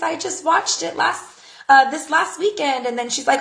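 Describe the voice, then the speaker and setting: A woman's voice: fast, gravelly. A woman in her thirties giving casual social media tips for her jewelry business, chatty and acting out little conversations. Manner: chatty, acts out conversations in a high bright voice. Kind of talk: casual talk to camera. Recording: echoey room.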